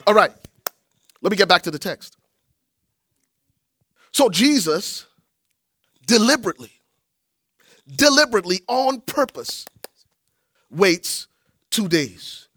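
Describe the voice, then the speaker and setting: A pastor preaches with animated call-and-response, his voice high and bright. He keeps pulling the congregation in with questions, and the recording is close and dry without room sound. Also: slow, long pauses, no room sound. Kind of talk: sermon.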